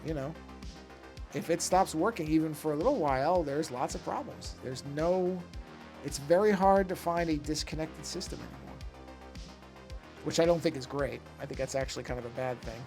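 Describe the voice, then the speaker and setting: A man's voice: on the high side, normal speed, darkish tone, soft background music. A man chatting casually to his live-stream chat while drawing, rambling and often breaking off to fix something. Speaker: art streamer.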